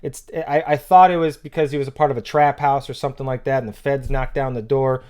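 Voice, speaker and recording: A man hosting a music reaction, talking loosely with restarts and bursting into loud excited exclamations. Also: mid-range voice, fast talker, clear, resonant tone. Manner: loose and conversational, many restarts. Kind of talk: casual reaction commentary.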